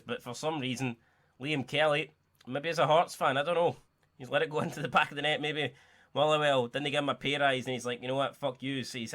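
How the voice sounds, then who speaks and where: A young man giving excitable, sweary, joking play-by-play commentary while playing a football video game. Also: mid-range voice. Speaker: gaming YouTuber.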